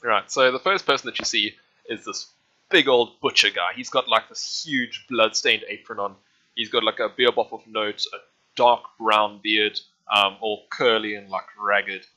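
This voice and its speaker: Bright-voiced man narrating a tabletop game. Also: lowish voice, fairly even intonation, moderate pace, highs cut off. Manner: casual, rambling narration with many fillers. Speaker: game master.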